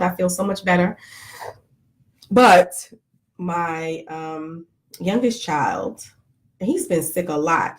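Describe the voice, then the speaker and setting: A middle-aged woman vlogger chatting casually to live viewers, joking and greeting them by name. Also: deep voice.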